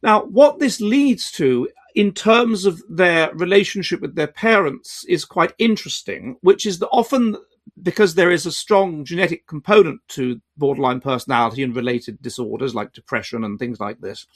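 A man hosting an educational video, explaining in a measured, lecturing way with restarts and quiet asides. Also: on the high side. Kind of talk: explanatory talk to camera.

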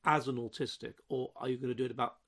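A man voicing a pedantic young male friend who speaks in a quiet, low, oddly precise way. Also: little pitch movement, rapid-fire, breathy edge. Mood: quizzical. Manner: precise, questioning, unusual phrasing.

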